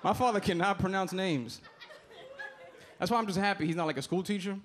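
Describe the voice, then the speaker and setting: A man's voice: sits high, fairly quick. A man from the Dominican Republic doing a stand-up set on a comedy club stage, talking in a loose, conversational way with asides to the audience. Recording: live club, crowd laughter and room noise.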